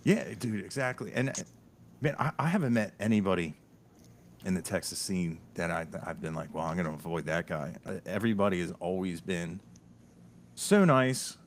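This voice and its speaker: A man's voice: deep voice, moderate pace, slight background noise. A man from the US Northeast hosting a podcast, telling stories in casual chat with laughs and many restarts. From Delaware, US Northeast. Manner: animated storyteller, laughs often, many restarts. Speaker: podcast host.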